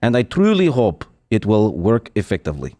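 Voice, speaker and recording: A man's voice: on the low side, huge pitch swings, a little fast, warm tone. A man doing a formal Zelensky impression. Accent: Ukrainian. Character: mock Zelensky reading a hopeful statement.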